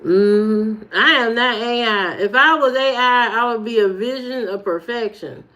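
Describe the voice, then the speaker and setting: A woman from Indiana with an Indiana accent, chatting casually on a livestream and telling stories with animated jumps in her voice; her high voice can sound youthful. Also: measured pace. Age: adult. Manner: animated storytelling, jumps high when retelling. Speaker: livestream host. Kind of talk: casual livestream chat reading comments.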